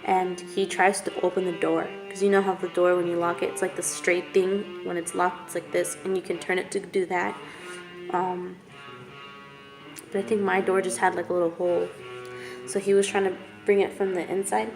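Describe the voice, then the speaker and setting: A young woman tells her own story in a low, hushed voice that stays flat and halting. She is fighting back tears. Clear music plays behind her. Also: poor audio. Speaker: vlogger. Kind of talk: personal storytelling to camera.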